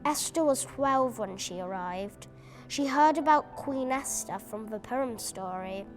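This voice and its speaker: A woman reading a prepared account aloud at a memorial event, measured and earnest. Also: fairly high pitch, animated, soft background music.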